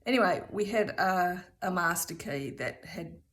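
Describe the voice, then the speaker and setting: A woman's voice: lowish voice, measured pace, a bit bright. A middle-aged woman with an Australian accent telling a rambling story in a chatty, casual way. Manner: chatty, rambling, keeps returning with "anyway". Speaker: vlogger.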